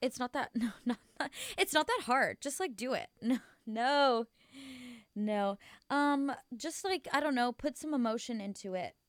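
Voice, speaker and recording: A woman's voice: a little high, expressive, a little slow, dry recording. A young woman hosting a show, telling a story in a chatty, dramatic, giggly way with lots of slang. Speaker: radio host. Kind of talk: casual chat.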